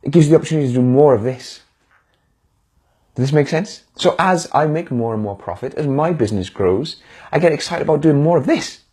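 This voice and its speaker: A man's voice: on the high side, expressive, fairly quick, warm tone, slightly rough. A man speaking as a motivational speaker on a live stream, encouraging viewers directly in a casual pep talk. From United Kingdom.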